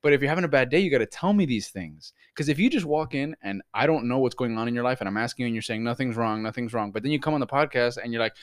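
A man in casual podcast chat, animated and swearing, often breaking into impressions. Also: mid-range voice, racing, few pauses, no room sound, studio quality. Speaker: podcast co-host.

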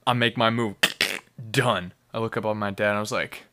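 A young man with a fairly low voice hosts a casual beer-review podcast. He rambles loosely and swears freely, with playful energy. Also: steady tone, normal speed, sharp tone. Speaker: podcast host.

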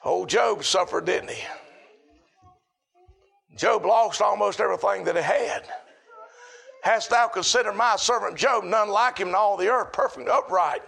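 A middle-aged man preaching a sermon, chanting in a repetitive cadence that rises to shouts. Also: high-pitched, normal speed, gravelly, pauses often.

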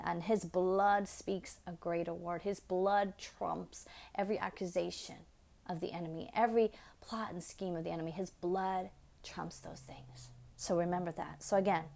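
A woman's voice: on the low side, gravelly, darkish tone. A woman hosting a devotional podcast, talking earnestly and preaching, repeating phrases for emphasis. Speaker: podcast host.

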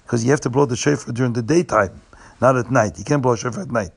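A man telling a religious story to children, animated and repeating words for emphasis. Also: mid-range voice, fast, creaky, slightly rough.

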